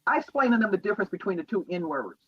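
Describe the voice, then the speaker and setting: Give me a man lecturing a crowd with warnings, his voice high and husky and his pitch full of swings. The sound is dry and low-fidelity. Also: very animated, rapid-fire, no room sound, highs cut off. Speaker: speaker addressing an audience. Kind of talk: public speech.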